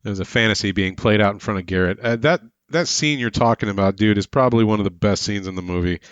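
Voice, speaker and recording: A man's voice: on the low side, fast, clean tone, no room sound, dull audio. A man co-hosting a horror-movie podcast, talking in a wry, laid-back way. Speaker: podcast co-host. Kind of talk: casual chat.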